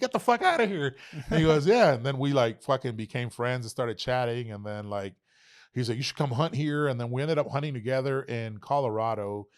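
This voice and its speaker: A young man from Texas, a podcast guest telling stories casually, swearing often and acting out quoted dialogue. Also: medium pitch. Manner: animated, profane storytelling, acts out quoted dialogue. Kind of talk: casual storytelling interview.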